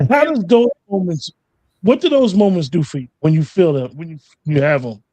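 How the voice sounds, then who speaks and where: A man's voice: high-pitched, moderate pace, dark tone, dry recording. A man hosting an interview, asking loose, rambling questions full of repeats. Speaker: interview host.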